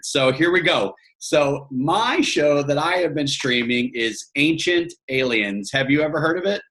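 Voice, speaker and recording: Male host, upbeat and encouraging, slightly high voice, casual talk. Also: a bit bright. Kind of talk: casual chat.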